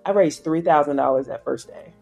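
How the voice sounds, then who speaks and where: A woman, telling an animated story as an interview guest and acting out other people's voices. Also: deep voice, fairly quick, creaky, faint music behind. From South Carolina, US. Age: 30s. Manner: acts out quoted voices, slangy and emphatic. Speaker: guest filmmaker. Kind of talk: animated storytelling in casual chat.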